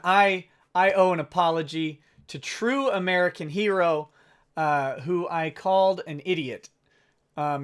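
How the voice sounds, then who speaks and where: A man's voice: sits high, fairly bright tone. A man hosting a casual livestream, sarcastic and self-mocking, often breaking into laughter. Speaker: livestream host.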